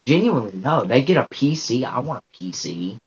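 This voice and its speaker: A man in a casual podcast chat, talking in a laid-back way and making joking, deadpan asides. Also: medium pitch, a little fast, slightly rough. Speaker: podcast co-host. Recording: muffled lo-fi audio.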